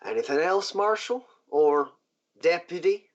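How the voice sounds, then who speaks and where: A man's voice: sits high, a little slow. A man voicing a polite, genteel riverboat owner who talks in a courteous old-fashioned drawl. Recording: muffled lo-fi recording.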